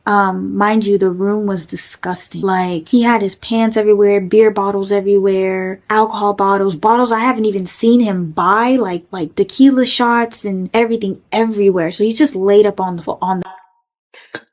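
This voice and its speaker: A young woman tells a personal story in a casual storytime. She rambles and fills her sentences with "like", at a middle pitch for a woman. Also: fairly even intonation, normal speed. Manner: rambling, lots of "like" fillers. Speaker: storyteller guest.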